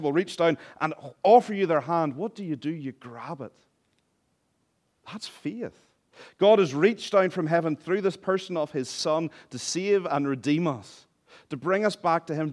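Impassioned preacher man. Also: a little high. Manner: impassioned preaching, swinging from soft to loud; humorous asides. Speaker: pastor. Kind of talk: sermon.

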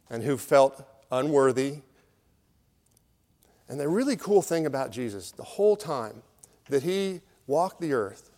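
A man's voice: medium pitch, darkish tone. A middle-aged man, a pastor, preaching a conversational, storytelling sermon. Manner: conversational, storytelling preaching with acted crowd voices. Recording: long hall reverb.

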